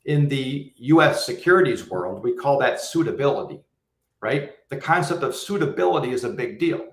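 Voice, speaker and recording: A Midwestern American man appears as a guest on a livestream panel, explaining things at length in a measured, articulate way. His medium-pitched voice is expressive, and the audio is reverberant.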